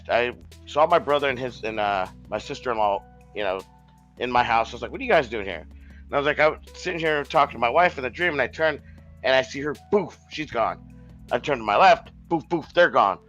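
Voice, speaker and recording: A man's voice: medium pitch, bright, forceful tone, lo-fi sound. A man telling a long personal story in a casual, rambling way, swearing often and restarting his sentences. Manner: rambling, profane, with many restarts.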